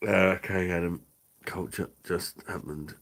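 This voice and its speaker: Deep-voiced bloke running a live stream, crude and sweary, laughs a lot. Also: male voice, fairly even intonation, unhurried, creaky, fairly bright tone. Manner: crude, sweary banter, often breaking into laughter. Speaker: livestream host. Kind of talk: casual live-stream chat reading out viewer comments.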